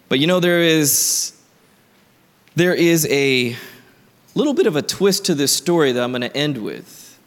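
A man preaching a sermon, telling a story in a lively, conversational way that builds to emphatic points. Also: on the high side, a little slow, long pauses, big-room sound. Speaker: pastor.

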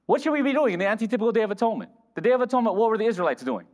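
Animated high-voiced preacher man. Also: rapid-fire. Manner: animated, asks the congregation questions and answers them. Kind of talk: sermon. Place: church hall. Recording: reverberant church hall.

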